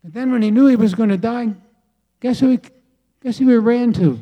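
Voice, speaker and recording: Slow, deliberate preacher man. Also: extremely high pitch, warm tone. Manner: slow, deliberate, with emphatic pauses and repetition. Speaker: pastor. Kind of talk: sermon.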